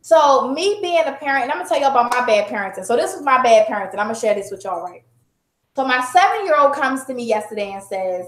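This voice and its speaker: A woman's voice: high voice, expressive, fairly quick, a bit bright, echoey room. A middle-aged woman on a talk show panel, telling a story from home in a casual, emphatic way.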